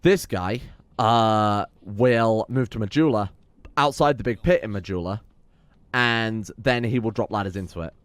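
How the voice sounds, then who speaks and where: A man's voice: on the low side, measured pace, smooth, dry recording. A man giving sweary, sarcastic let's play commentary while playing a game. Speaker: gameplay commentator.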